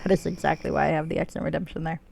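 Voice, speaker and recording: A woman's voice: low-pitched, fairly even intonation, racing, gravelly, darkish tone, slight background noise. Playful, swearing woman streaming a game. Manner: playful, joking, swears freely. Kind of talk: casual gameplay commentary.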